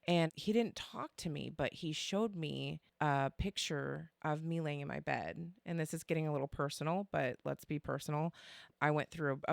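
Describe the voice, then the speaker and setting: A woman co-hosting a podcast, telling a story in casual chat, animated and quoting others as she goes. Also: low-pitched, creaky, dry recording, clean studio sound. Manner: animated, quotes others, swears and laughs. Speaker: podcast co-host.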